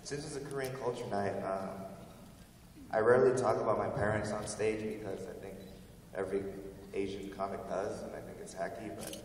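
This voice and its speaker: A man's voice: on the low side, fairly even intonation, brisk. A man from the United States doing a casual, slangy stand-up comedy set on stage. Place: large university event hall. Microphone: audience phone far from the stage. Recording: distant phone recording in an echoey hall with audience noise. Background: audience laughter and hall noise.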